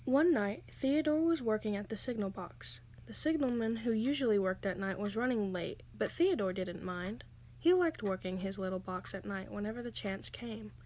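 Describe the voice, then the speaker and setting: Young woman reading a story aloud, calm and steady, mid-pitched voice. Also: slight background noise. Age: young adult. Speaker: narrator. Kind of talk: storybook narration.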